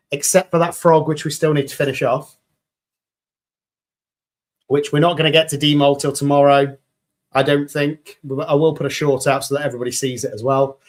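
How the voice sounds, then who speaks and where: A man hosting a resin crafting livestream, chatting casually with viewers in an upbeat, jokey way. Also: a little high. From United Kingdom. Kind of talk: casual livestream chat reading viewer comments.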